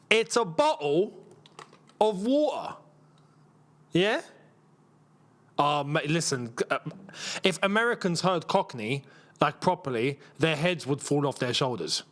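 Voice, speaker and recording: A young man chats through a live match as host, his voice sitting high and swinging widely in pitch. He banters in slang and breaks into laughter often. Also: animated, unhurried, fairly bright tone. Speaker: football watchalong host. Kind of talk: casual live match commentary and chat.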